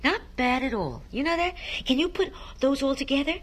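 A woman reading a children's story aloud, animated and coaxing listeners to repeat tongue twisters. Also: high voice, fairly quick.

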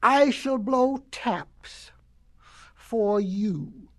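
A woman's voice: mid-range voice, very animated, creaky, mellow, breathy edge, exaggerated voice. A woman voicing a boastful, greedy male wolf in a storybook reading, growling and pompous. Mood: menacing. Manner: growling, pompous, drawn-out delivery.

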